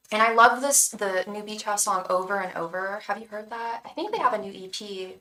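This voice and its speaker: A bright, sharp-toned woman chats to her live viewers as a tarot reader. She sounds warm toward them and full of fillers and repeats. She sits some way from the mic, and the room adds an echo to her voice. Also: mid-range voice, normal speed, hardly any pauses, far from the mic. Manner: chatty and encouraging, repeats words, many fillers. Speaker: tarot reader and psychic on a livestream. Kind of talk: casual chat to live viewers. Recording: roomy echo, voice away from the mic.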